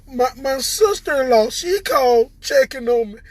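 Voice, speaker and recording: A man with a Southern American accent giving an emotional personal testimony to viewers, tearful and halting, stammering and repeating words as his voice breaks. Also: very high-pitched, lively intonation. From Southern United States. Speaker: recovered patient addressing viewers.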